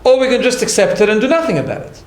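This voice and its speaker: A man's voice: extremely high pitch, sing-song, very fast. A man teaching an informal class as a rabbi, talking conversationally and emphatically, often restarting and checking in with "right?". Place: study hall. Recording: echoey room, faint background hum.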